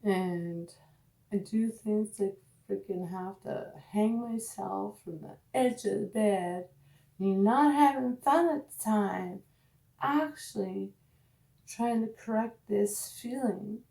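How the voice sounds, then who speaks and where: A woman's voice: mid-range voice, vocal fry. Tipsy woman rambling in an echoey room. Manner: slurred, tipsy and meandering, swearing, drifting between loud outbursts and murmurs. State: tipsy from drinking. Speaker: vlogger. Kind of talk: rambling casual monologue. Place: at home, indoors.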